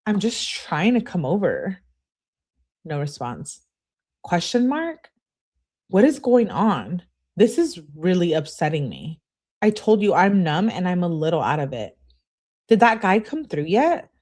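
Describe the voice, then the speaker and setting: Female commentator, animated delivery, reads texts aloud with a sarcastic edge. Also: lowish voice, unhurried. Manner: sarcastic, mocking asides. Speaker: true crime commentator. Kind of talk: reading text messages aloud with commentary.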